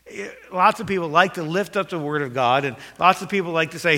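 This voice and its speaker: Bright-voiced pastor in echoing church. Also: male voice, on the high side, moderate pace, hardly any pauses. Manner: earnest, repeats phrases for emphasis. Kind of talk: sermon.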